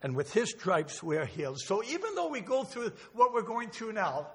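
A man's voice: high voice, sing-song, normal speed, fairly bright tone. An older man preaching a sermon in a church, emotional and rambling, with restarts and asides. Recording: long hall reverb.

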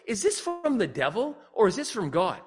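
A middle-aged man giving a humorous storytelling talk as a speaker and singer, animated and acting out dialogue. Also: normal speed. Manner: animated, acts out dialogue with big pitch jumps.

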